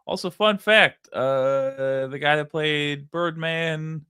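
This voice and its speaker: A man's voice: on the high side, fairly even intonation, takes it slowly, bright, forceful tone, clear, resonant tone, no echo, studio quality. A man hosting a live stream, chatting casually, musing aloud and reading out viewer comments. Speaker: streamer host.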